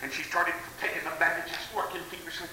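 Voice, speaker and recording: A man preaching a fiery revival sermon. He moves from hushed storytelling to shouted exclamations. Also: a little high, level tone, quick pace. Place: church hall. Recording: echoey hall with faint tape hiss.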